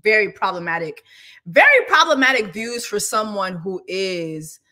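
A woman hosting a casual celebrity gossip show, talking loud and profane, laughing often and reading viewer comments aloud. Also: mid-range voice, big pitch swings, moderate pace. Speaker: show host.

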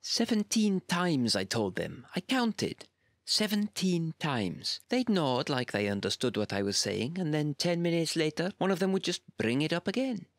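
Fed-up bureaucrat, ranting and indignant, gravelly edge, dry sound, voiced by a male narrator. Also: fairly high pitch, sing-song, normal speed, few pauses, dry recording, voice pushed up. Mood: exasperated. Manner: ranting, emphatic complaints. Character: exasperated male civil servant, indignant and fed up.

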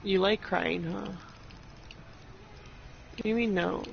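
High-voiced teasing man, gravelly edge. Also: steady tone, slow pace, slight background noise. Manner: teasing, joking and swearing freely. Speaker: gamer recording a session. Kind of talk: casual gaming chat. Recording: slightly dull lo-fi audio with faint music.

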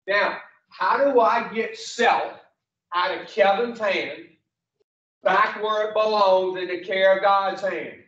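A man's voice: high-pitched, takes it slowly, fairly bright tone. Blunt, cussing man teaching a class. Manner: blunt, profane, joking. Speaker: recovery program instructor. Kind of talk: folksy storytelling lesson. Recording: distant, roomy, muffled.

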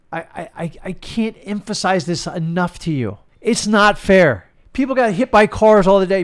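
A middle-aged man, a real estate coach, giving an emphatic motivational talk that often repeats itself. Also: a little high. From United States. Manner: emphatic, preachy, repeats himself.

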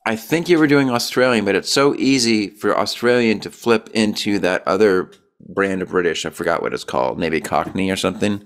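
A man with a lowish voice leads a relaxed interview. He responds with enthusiasm and quick reactions, keeping the chat loose and friendly. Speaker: interview host.

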